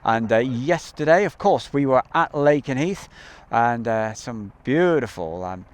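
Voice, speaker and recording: A man talks casually as he hosts a live stream from outdoors. His commentary rambles and is full of ums and uhs. His voice sits at an ordinary middle pitch and is picked up by a camcorder's built-in mic. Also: expressive, unhurried, smooth. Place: outdoors near an airbase.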